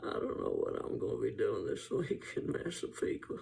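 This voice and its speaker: A man impersonating a mischievous politician in a breathy, hushed voice. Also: lowish voice, wildly swooping pitch, moderate pace, exaggerated voice. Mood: sly. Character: hushed, mischievous middle-aged male politician.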